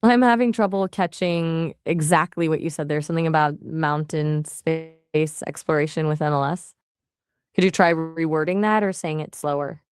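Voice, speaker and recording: A chatty, polite woman's voice as an AI assistant, talking casually and asking follow-up questions. Her voice sits a little low. The sound is close and dry. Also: steady tone, moderate pace, clear, resonant tone, dry recording. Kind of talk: casual chat.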